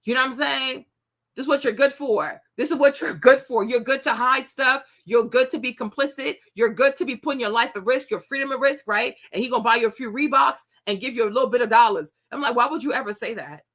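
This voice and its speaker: Speaking in a slightly high voice at a slightly quick clip, this thirty-something woman hosts a commentary show. Her talk to viewers is casual and lively, full of repetition and frequent laughter.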